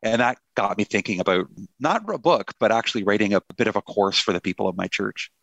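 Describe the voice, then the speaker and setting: A man's voice: on the low side, expressive, fast, creaky, a bit bright, slightly rough, dry recording. A middle-aged man, a pastor and author, talking earnestly in a conversational interview with a touch of self-deprecating humor.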